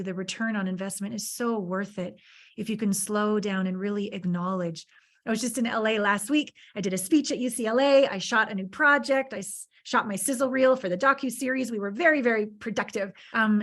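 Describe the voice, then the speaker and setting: An earnest woman speaks as a podcast guest. Her voice sits in an ordinary middle pitch, and she tells personal stories warmly and openly, leaning on emphatic repetition to drive her points home. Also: a little fast. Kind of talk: conversational interview storytelling.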